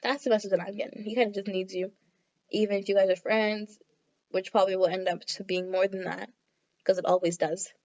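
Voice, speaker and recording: A woman's voice: mid-range voice, steady tone, brisk, darkish tone. A woman doing a casual tarot reading to camera, reading card texts aloud and chatting with many fillers. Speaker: tarot reader. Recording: dull lo-fi audio.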